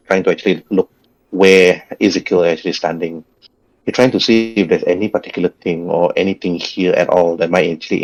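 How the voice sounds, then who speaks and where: A man narrating as dungeon master in a tabletop game over voice chat, describing scenes in a halting way and repeating words. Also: low voice, a little mellow, highs cut off.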